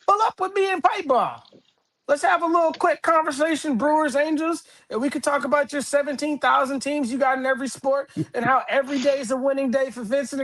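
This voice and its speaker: High-voiced Milwaukee man, slangy sports chat. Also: fairly bright tone. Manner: slangy, laid-back, jokey. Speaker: podcast co-host.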